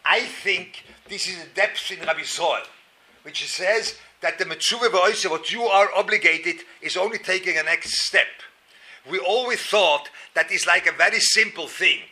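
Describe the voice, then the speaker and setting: A man with a high, very bright and cutting voice gives a spoken Torah lecture. He talks straight to the listeners with asides and questions and mixes Hebrew and Yiddish words into his English. He acts out inner voices as he argues each point. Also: normal speed. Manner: emphatic, acts out inner voices with rising and falling pitch. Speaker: rabbi teaching a Torah class.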